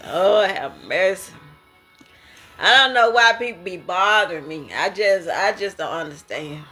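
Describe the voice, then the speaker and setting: Slow, bright-voiced emphatic woman. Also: mid-range voice, lively intonation, faint music behind. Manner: exclamatory, laughs often, slangy and emphatic. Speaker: creator sharing prophetic dreams. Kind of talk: casual spoken monologue.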